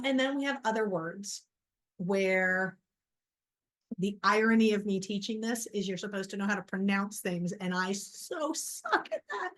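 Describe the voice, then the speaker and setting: A woman's voice: medium pitch, fairly bright tone. A middle-aged woman teaching a recorded college lecture over slides, casual and self-deprecating. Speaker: college biology instructor.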